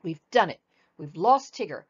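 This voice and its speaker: A woman voicing a fussy, bossy, scheming male rabbit in a storybook reading, clipped and excitable. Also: lowish voice, normal speed, breathy edge, highs cut off, full character voice. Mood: self-assured. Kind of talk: storybook read-aloud.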